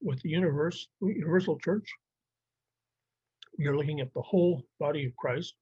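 A man's voice: a little high, moderate pace, a little mellow, husky, dry recording. A man teaching a Bible survey lesson, explaining plainly with some fillers and restarts. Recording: dry, muffled lo-fi recording.

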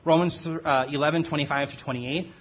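A man's voice: on the high side, fairly even intonation, brisk, husky, highs cut off. A man preaching an expository sermon in a conversational way, often checking in with "okay?" and stopping to correct himself. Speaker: pastor.

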